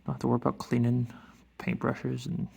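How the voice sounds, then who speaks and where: This woodworking vlogger has a creaky, mid-range voice and a completely flat delivery, and he talks briskly. He rambles casually to himself while working on his woodworking project, and his voice sinks to a hushed whisper whenever the work gets delicate.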